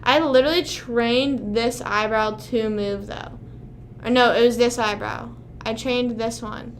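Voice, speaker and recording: A woman's voice: a little high, fairly even intonation, a little slow, slight background noise. A young woman hosting a casual livestream, rambling to her chat and swearing often. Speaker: livestream host.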